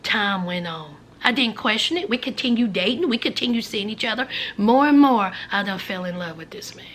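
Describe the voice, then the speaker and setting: A vlogger from rural Virginia dramatically tells a personal story, speaking straight to her viewers as friends and sometimes dropping to a whisper. Her mid-range voice is expressive, fairly quick, and fairly bright.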